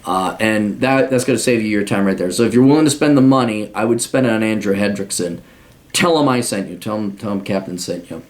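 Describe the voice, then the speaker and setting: A middle-aged man talking casually and bluntly as a podcast host, swearing freely and jumping into high mocking voices when he quotes people. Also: brisk. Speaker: podcast host answering a listener request. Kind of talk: casual monologue.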